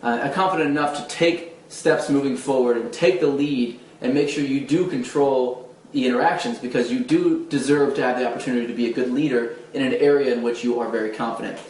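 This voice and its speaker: A man's voice: mid-range voice, fairly quick, a little mellow, slight background noise. A man coaching viewers on confident speech, talking earnestly with frequent restarts and fillers. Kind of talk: direct-to-camera advice talk. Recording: roomy echo, mic at a distance.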